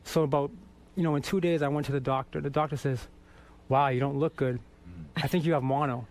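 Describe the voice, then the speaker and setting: Man, from Boston, high voice, profane, self-mocking storyteller. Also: fairly even intonation, fairly quick, darkish tone. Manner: profane, self-mocking, acts out quoted dialogue. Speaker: guest singer. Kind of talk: anecdotal storytelling.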